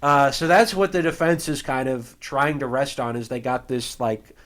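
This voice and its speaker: A man's voice: medium pitch, fairly even intonation, moderate pace, a bit bright. An American man co-hosting a podcast, talking casually and rambling with plenty of fillers and restarts. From United States. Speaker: podcast co-host. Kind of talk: casual chat.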